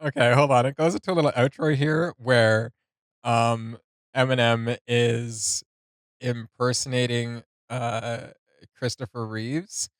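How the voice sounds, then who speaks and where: A man hosts a music reaction video in a relaxed, chatty way. He laughs often and reads notes aloud with plenty of fillers. His mid-range voice sounds dry and close. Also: mid-range voice, takes it slowly, dry recording. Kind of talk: casual reaction commentary.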